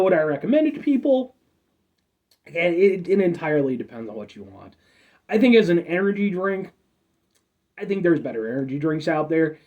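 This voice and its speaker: A man's voice: high voice, mellow. A man casually reviewing an energy drink, rambling and joking as he signs off to his viewers. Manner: rambling, jokey sign-off with repeated "folks".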